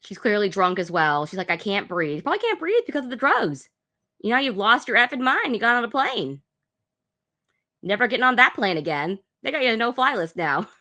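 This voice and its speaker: A woman's voice: on the high side, sing-song, brisk, pushed and bright. A woman hosting a reaction video, giving blunt, sarcastic commentary on clips.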